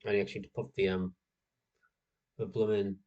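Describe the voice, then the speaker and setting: A man's voice: lowish voice, little pitch movement, a little fast, a little mellow, lo-fi sound. A nineteen-year-old man, chatting casually as a streamer, rambling and full of "like". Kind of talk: casual chat.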